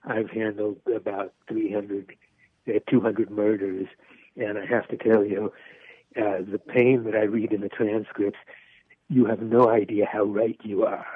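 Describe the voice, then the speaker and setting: A man calls in to a radio show and speaks haltingly, his voice catching with emotion. His low, husky voice comes through a thin, tinny phone line. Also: little pitch movement, no echo. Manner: emotional, halting, many fillers. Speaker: caller, criminal defense attorney. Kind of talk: call-in radio conversation.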